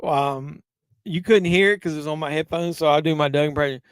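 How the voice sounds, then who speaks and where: A man's voice: on the high side, brisk, clear, resonant tone, no echo, clean studio sound. Tipsy man rambling on a live stream. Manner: rambling, profane, answers chat messages. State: tipsy from drinking. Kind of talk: casual live-stream chat during a movie watch-along.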